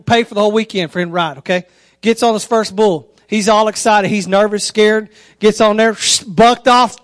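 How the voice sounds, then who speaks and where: High-voiced preacher telling stories. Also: male voice, no room sound, studio quality. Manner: animated storytelling, addresses congregation directly. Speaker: pastor. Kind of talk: sermon.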